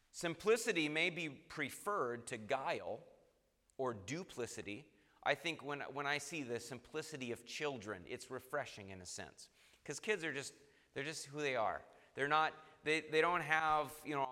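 A man's voice: on the high side, pushed and bright, long reverb tail. A man preaching a sermon, emphatic and repeating phrases for stress.

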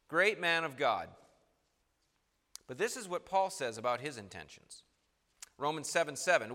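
A man preaching a sermon, reading scripture aloud and swinging between loud emphasis and quiet, soft passages. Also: mid-range voice, long reverb tail.

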